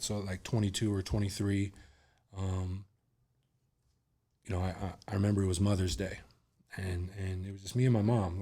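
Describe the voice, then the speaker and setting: A man's voice: lowish voice, dark tone. A man, a podcast guest, telling a candid personal story in a rambling, casual way full of fillers.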